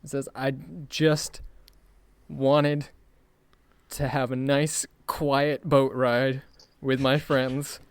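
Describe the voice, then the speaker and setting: A man's voice: medium pitch, level tone, extremely slow, clear, resonant tone, no echo. Man voicing a weary young adventurer woman. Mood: wistful. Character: weary young female adventurer wanting peace.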